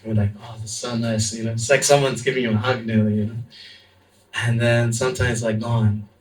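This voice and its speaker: A young adult man, a monk, telling a story in a lively, laughing way with lots of fillers. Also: mid-range voice, a little fast, distant mic. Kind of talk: storytelling talk. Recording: echoey room, voice from off-mic.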